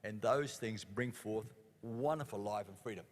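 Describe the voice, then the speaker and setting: A man's voice: lowish voice, moderate pace. Brief: older man on a church panel, folksy and earnest, echoey hall. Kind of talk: panel discussion.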